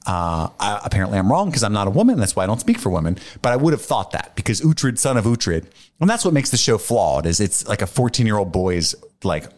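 A man hosting a podcast in casual chat, talking in an animated, rambling way and laughing often. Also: lowish voice, fairly quick. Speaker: podcast host.

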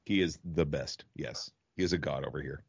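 A man in his fifties co-hosting a casual podcast, laid-back with quick replies. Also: very deep voice, gravelly, slightly rough, dry recording, muffled recording. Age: 50s. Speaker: podcast co-host. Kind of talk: casual chat.

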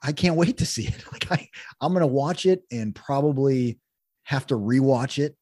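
A man co-hosts a casual podcast, talking with emphatic enthusiasm and frequent laughter. His voice is husky, slightly rough at the edges, and recorded dry and close with no room echo. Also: mid-range voice, moderate pace, dark tone. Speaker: podcast co-host. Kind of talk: casual chat.

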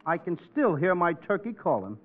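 A male comedian with an excitable, whiny, childlike manner, performing in a 1940s radio comedy. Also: high-pitched, normal speed, phone-quality sound. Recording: hissy 1940s radio recording.

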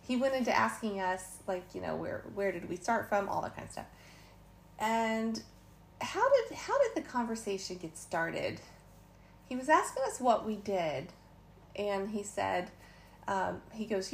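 A woman's voice: mid-range voice, sing-song, unhurried, creaky. Chatty woman telling a travel story. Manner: chatty, laughing asides, quotes others in passing. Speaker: vlogger. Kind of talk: casual storytelling. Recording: faint background noise.

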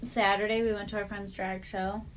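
A woman co-hosting a casual podcast. She recaps her weekend in a relaxed, matter-of-fact way, with a faint background noise under her voice. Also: medium pitch, moderate pace, rough recording. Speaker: podcast co-host. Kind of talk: casual chat.

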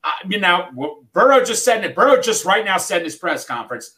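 A man hosting a sports podcast, talking in a rambling, halting way with lots of restarts in casual chat. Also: high voice, very animated, pushed and bright. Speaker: podcast host.

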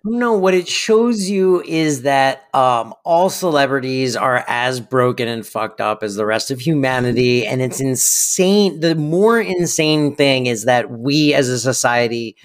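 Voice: mid-range voice, unhurried, few pauses. Podcast cohost riffing, blunt and loose, swears a bunch, laughs a lot. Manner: laughing, candid, swears freely. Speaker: podcast co-host. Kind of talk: casual chat.

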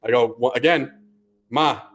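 A man's voice: mid-range voice, unhurried. A man on a podcast telling a long, profane story and acting out each person's lines. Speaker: podcast co-host. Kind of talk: casual storytelling.

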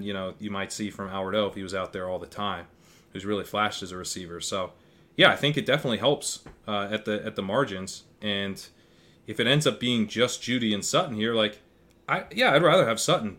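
A man's voice: on the low side, pushed and bright. A man who is a guest analyst on a fantasy football podcast, talking casually and thinking aloud with frequent restarts.

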